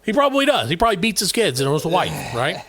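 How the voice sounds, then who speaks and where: A man's voice: high voice, very animated, rapid-fire, crowd noise. A middle-aged man co-hosting a casual podcast, telling a story about coaching youth basketball, acting out the dialogue and swearing freely.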